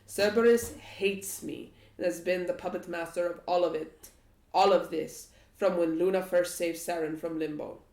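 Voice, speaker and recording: Brief: woman doing a nervous, affectionate vampire lord, hushed and hurried, roomy echo. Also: fairly low pitch, steady tone, close to an everyday voice. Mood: urgent. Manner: hushed, urgent, tender. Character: paranoid, loving male vampire lord. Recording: echoey room.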